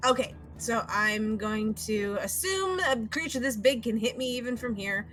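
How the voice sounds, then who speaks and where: A woman's voice: fairly high pitch, expressive, moderate pace, a bit bright, low-quality recording. A woman playing a tabletop role-playing game, explaining her moves with playful asides over faint background music. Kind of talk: casual tabletop game play. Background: faint fantasy background music.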